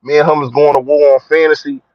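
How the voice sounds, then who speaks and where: A young man chatting casually on a sports live stream, slangy and shouting out his viewers. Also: quick pace, dry recording. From Philadelphia. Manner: slangy, shouts out viewers, lively swings in pitch. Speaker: sports vlogger. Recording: dry, dull lo-fi phone audio.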